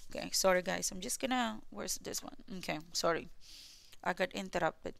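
A woman's voice: lowish voice, gravelly, a bit bright, clean tone, no room sound. A woman with a mixed Filipino and New Zealand accent, giving a tarot reading to viewers in a repetitive, reassuring way. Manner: repetitive and reassuring, often adding "okay?". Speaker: tarot reader.

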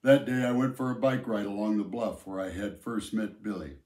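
A man reading a novel aloud in the first person, with a measured, plain delivery. His voice sits on the low side, and the recording has a noticeable room echo. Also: steady tone, darkish tone. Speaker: audiobook narrator. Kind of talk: first-person audiobook narration. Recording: roomy echo.

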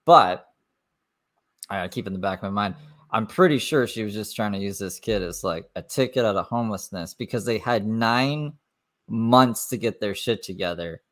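A man's voice: fairly low pitch, normal speed. A man hosting a livestream, reacting to clips with sarcastic, profane, mocking commentary. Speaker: commentary streamer.

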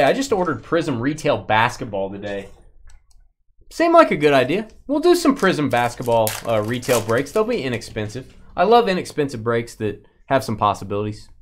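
A man hosting a live card break stream, chatting casually with viewers and teasing them as he opens packs. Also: medium pitch. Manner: chatty, playful teasing, lively.

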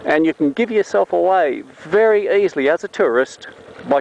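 High-voiced Australian man in a noisy car. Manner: chatty, self-mocking, drawn-out demonstration words. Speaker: vlogger teaching Australian pronunciation. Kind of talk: casual jokey tutorial. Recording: muffled with loud traffic noise.

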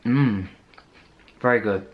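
A man's voice: lowish voice, slow, narrow, tinny audio, slight background noise. A British man from the UK, a vlogger chatting enthusiastically through a casual food haul taste test. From United Kingdom.

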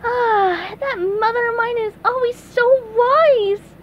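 A woman's voice: very high-pitched, slow, lo-fi sound, slight background noise, voice pushed up. A woman voicing a cheerful, eager male cartoon sea sponge in a storybook reading, with a bubbly, gushing manner.

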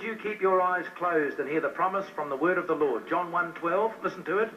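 A man preaching as an evangelist at a church service, urgently pleading with people to come forward, then slowly and carefully leading a prayer. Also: on the high side, slight background noise. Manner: pleading, urgent, repeats invitations; slow, measured phrasing when leading prayer. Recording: distant, dull live recording.

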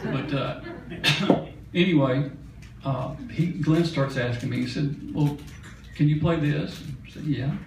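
A man's voice: a little high, unhurried, creaky, very noisy. Older male storyteller, folksy and chatty, heard from a distance in an echoey concert hall. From Mississippi. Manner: folksy, chatty, laughing now and then. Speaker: musician telling a story on stage. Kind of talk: onstage storytelling.

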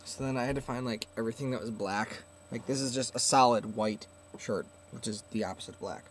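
A man's voice: mid-range voice, a little fast. Teen boy vlogger, seventeen, rambly and self-deprecating, talking from a closet with a faint hiss behind. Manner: rambling, self-mocking, trailing off. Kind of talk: casual webcam vlog. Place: small closet, indoors.

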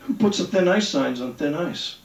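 Gravelly comic in a roomy club. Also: male voice, a little high, lively intonation, moderate pace. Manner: rambling, crude, off-the-cuff. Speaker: stand-up comedian. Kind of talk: stand-up comedy set. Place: comedy club stage. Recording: roomy club sound, mic at a distance.

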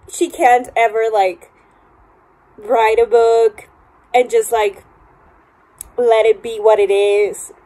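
A woman chatting in a casual vlog, animated and swearing freely as she reacts to a book. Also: fairly high pitch. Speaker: book vlogger.

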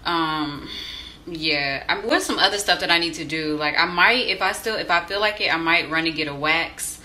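A woman with a low, bright, forceful voice talks at a normal speed in a casual vlog, calling her viewers "y'all." She chats and tells stories while walking by a lake, then while cooking at home.

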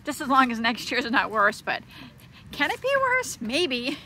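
A woman's voice: high voice, very animated, a little slow, bright, forceful tone. A woman in her thirties filming a casual vlog outdoors on a windy day, chatting in a scattered way and hopping from topic to topic. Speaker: vlogger, homeschooling mom.

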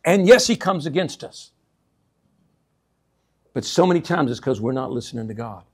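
A man preaching a sermon, calling out "amen?" to his church and swinging between hushed asides and loud emphatic bursts. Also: mid-range voice, expressive, normal speed, slightly rough. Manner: call-and-response, repeats 'amen?' to the congregation. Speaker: pastor.

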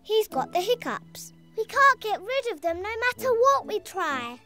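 A woman voicing a cheerful, helpful little girl bunny in a cartoon, speaking brightly and eagerly with giggles. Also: extremely high pitch, sing-song, normal speed, heavily acted. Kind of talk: cartoon voice acting. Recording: music playing behind.

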